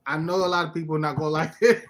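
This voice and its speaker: Excitable man with a fairly high voice. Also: rapid-fire. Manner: excitable, laughing, emphatic outbursts. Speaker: podcast host. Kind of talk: casual comic book chat.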